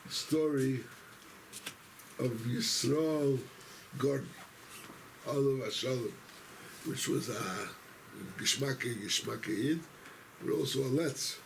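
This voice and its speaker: A rabbi with a gravelly, fry-edged voice tells a story to his congregation. He rambles and keeps interrupting himself as he goes. The recording is noisy, with steady room sound behind him. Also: mid-range voice. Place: synagogue.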